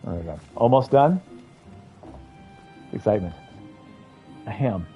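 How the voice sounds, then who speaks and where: A man with a low, mellow voice chats his way through a game stream, thinking aloud and rambling. His pitch rises and falls in lively swings. The audio is dull and lo-fi, with faint game music underneath. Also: moderate pace. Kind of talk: casual gameplay commentary.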